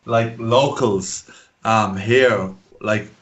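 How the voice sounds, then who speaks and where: A man's voice: on the low side, drawn-out words, a bit bright, low-quality recording. An Irish man on a podcast, talking earnestly and rambling a little as he hunts for the right words. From Ireland. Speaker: podcast co-host. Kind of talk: casual chat. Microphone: video call.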